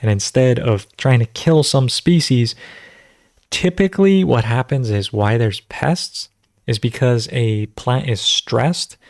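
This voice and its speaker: A man's voice: mid-range voice, slow pace, no room sound, clean studio sound. Rambling man teaching on a livestream. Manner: rambling, filler-heavy, conversational. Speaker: natural farming teacher hosting live Q&A.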